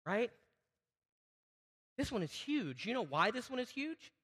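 A man in middle age preaching to his congregation with a high, bright, ringing voice. He talks animatedly, throws questions at the room and acts out people's words loudly. The sound carries a long hall reverb. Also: sing-song, moderate pace, pauses often, husky. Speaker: pastor. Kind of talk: sermon.

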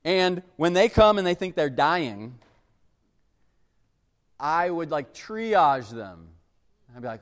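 A man's voice: fairly high pitch, expressive, slow, pauses often. A man preaching a casual, story-driven sermon, chatting loosely with plenty of "like" and acting out family scenes. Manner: chatty, uses "like" a lot, acts out family scenes. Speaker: pastor. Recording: long hall reverb.

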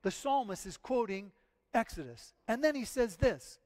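Male pastor, higher-pitched voice, earnest emphatic sermon delivery with repeated phrases. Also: big pitch swings, normal speed, darkish tone. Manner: earnest, emphatic preaching with repetitions.

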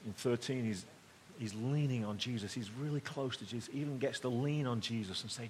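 Middle-aged male pastor, mid-pitched, chatty storytelling sermon that drops to a hush then rises to emphasis. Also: fairly quick, a little hiss or hum. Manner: conversational, swings between loud emphasis and hushed tones.

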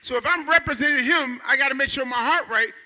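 Man, fifties, pastor, lively conversational sermon, very high sharp voice. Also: quick pace. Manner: animated, conversational preaching with rising shouts.

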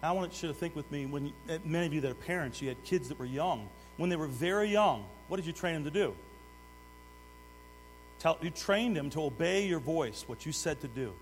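A man's voice: fairly high pitch, expressive, fairly quick. Preaching man in an echoing hall. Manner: swings between loud urgent exhortation and hushed asides; asks the congregation direct questions. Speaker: pastor. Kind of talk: sermon. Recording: long hall reverb with mains hum.

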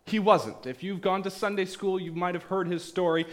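A pastor preaching a sermon, retelling stories with acted-out quoted voices, swinging between loud bursts and hushed, quiet passages. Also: male voice, high-pitched, flat delivery, moderate pace.

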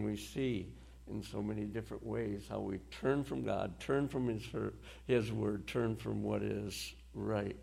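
Slow gravelly-voiced male preacher. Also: on the low side, a little mellow. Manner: slow, deliberate delivery with pauses and short dry laughs. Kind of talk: sermon.

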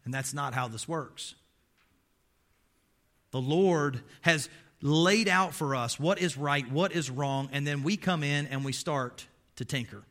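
Emphatic pastor preaching, fairly high voice. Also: male voice, normal speed, a bit bright. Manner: emphatic, uses rhetorical questions to the congregation; folksy asides and wry humor. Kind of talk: sermon.

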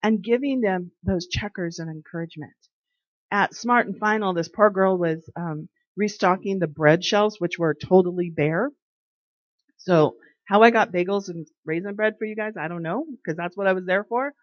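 A woman's voice: fairly low pitch, moderate pace, no room sound. A woman giving a casual, chatty faith talk, telling everyday stories and acting out what people said. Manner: chatty storyteller who acts out quoted people. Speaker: devotional speaker. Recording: dry, slightly dull recording.

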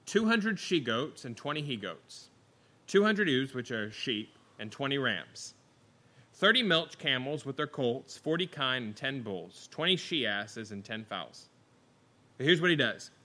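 A middle-aged male preacher with a bright, forceful tone delivers a sermon. He tells the scripture story vividly, acting out the characters' lines with big rises in pitch and dropping to a near murmur for asides. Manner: animated storytelling, acting out the scripture voices with wide pitch swings.

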